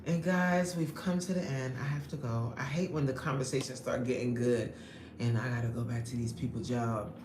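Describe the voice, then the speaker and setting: A woman's voice: extremely low pitch, steady tone, moderate pace, reverberant, background noise. A woman hosting a casual live stream, chatting animatedly with her viewers, laughing often and greeting them by name. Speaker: live-stream host reading chat.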